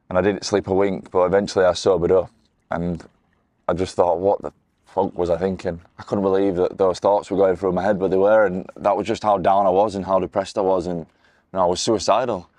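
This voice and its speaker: A young man tells his own story to camera, earnest and candid, with frequent restarts. His voice sits very low and stays flat in tone. The recording is dry and close. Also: no room sound. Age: 20s. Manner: earnest, candid, with many restarts and "you know". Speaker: motivational speaker. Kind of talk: personal testimony to camera.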